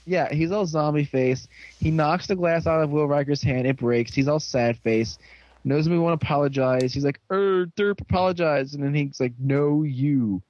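A young man hosting a casual podcast, rambling and sarcastic as he sums up an episode and mocks the characters in quick put-on voices. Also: fairly high pitch, darkish tone, highs cut off, a little hiss or hum. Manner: rambling, sarcastic, mocking voices while retelling scenes. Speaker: podcast host.

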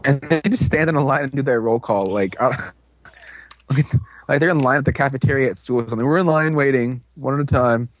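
A man in casual chat, animatedly recapping a show and tossing in quick voiced quotes between laughs. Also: mid-range voice, a little hiss or hum.

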